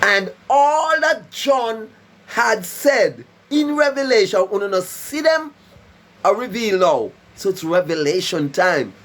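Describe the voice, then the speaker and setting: A man's voice: sits high, sing-song, slow, a bit bright. A man preaching to a live stream as a self-styled prophet, giving emphatic warnings with rhyming, repeated phrases and frequent "right?" checks. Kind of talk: preaching monologue.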